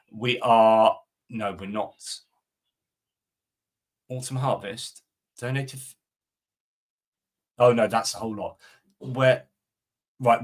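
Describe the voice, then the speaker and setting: A middle-aged man hosting a live stream, chatting casually and answering viewer comments, with lots of fillers and restarts. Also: medium pitch. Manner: rambling, many fillers and restarts.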